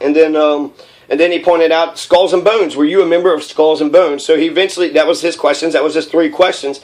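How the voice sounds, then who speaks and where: A man's voice: a little high, fairly even intonation, brisk, a little mellow. A young man delivering a heated, profane political rant, rambling with many fillers.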